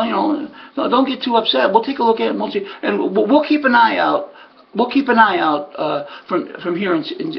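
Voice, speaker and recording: A former harness racing trainer tells a story in monologue, acting out other people's lines. His voice is high-pitched and gravelly, heard through a muffled lo-fi recording.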